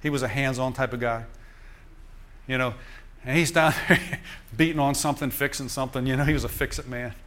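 An older male preacher tells his own story from the pulpit, lively and chuckling as he speaks to the congregation. His voice sits at a middle pitch, and his delivery is conversational and animated. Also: brisk. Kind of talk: sermon testimony. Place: church.

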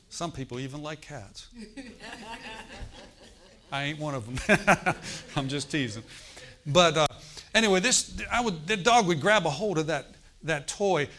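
A middle-aged man preaching a sermon, telling stories and acting out the voices of the people in them, swinging from hushed to loud. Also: a little high. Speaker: pastor. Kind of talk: sermon storytelling.

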